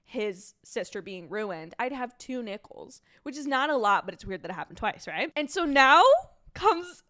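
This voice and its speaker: A woman casually recapping a TV episode in a chatty, animated way, full of "like" and pet names. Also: mid-range voice, moderate pace. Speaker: recap vlogger.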